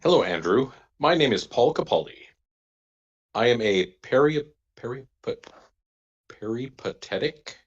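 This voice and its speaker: A man's voice: medium pitch, expressive, unhurried, long pauses, husky, dull audio. A man on a casual group call reading a viewer's letter aloud, stumbling on words and adding wry asides. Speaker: podcast panelist.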